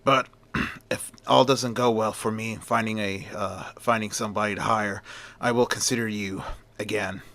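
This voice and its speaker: A man voicing a gruff, short-tempered older male newspaper editor who barks orders and calls people kid. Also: on the low side, fairly even intonation, moderate pace, pushed and bright.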